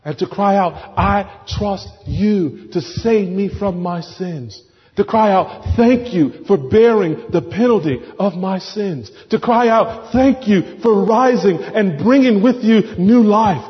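Preacher, male, raised-pitch delivery, impassioned and then hushed, dull recording in a long-reverb church hall. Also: slow pace. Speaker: pastor. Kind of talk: sermon.

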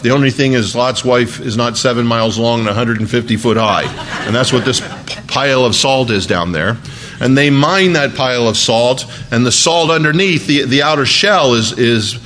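Man, pastor type, mid-range voice, talks the sermon through like a chat, soft hum behind. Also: medium pitch. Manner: conversational, folksy preaching with emphatic asides.

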